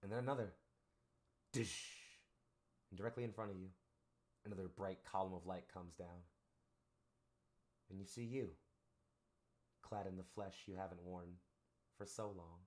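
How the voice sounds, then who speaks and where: Game master, deep voice, animated scene-setting narrator for a tabletop game. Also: male voice, moderate pace, pauses often. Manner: descriptive, animated narration with fillers.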